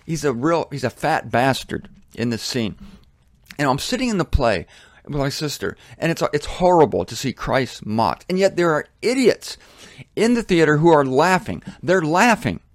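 A man's voice: fairly high pitch, big pitch swings, moderate pace, no echo, studio quality. A man preaching a sermon on headphones in a blunt, indignant, emphatic way. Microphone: headphones on, close mic.

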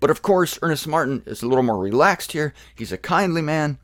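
A man's voice: on the high side, expressive, fairly quick, no room sound, studio quality. A man giving a casual Bible lecture, reading quotes and breaking off for joking, self-deprecating asides. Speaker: Bible teacher.

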